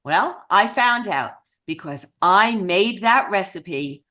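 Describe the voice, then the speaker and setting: A woman speaking at an event, telling a personal story with earnest feeling and self-deprecating humor. Her pitch sits in the middle range. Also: expressive, slow pace, bright, forceful tone. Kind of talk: storytelling talk.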